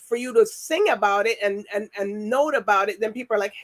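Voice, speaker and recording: Bright, lively woman TV host. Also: fairly high pitch, fast talker. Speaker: TV show host. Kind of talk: casual interview chat.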